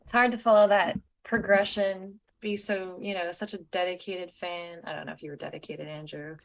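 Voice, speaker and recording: Female podcast co-host, low voice, soft, trailing delivery. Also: fairly even intonation, normal speed, a little hiss or hum. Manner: soft, trailing off, laughs often. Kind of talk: casual podcast chat.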